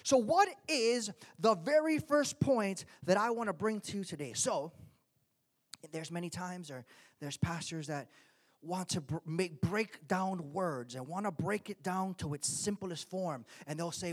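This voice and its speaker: A male pastor from Miami preaching a sermon, swinging from quiet asides to loud emphatic points. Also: sits high, a little slow. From Miami, United States.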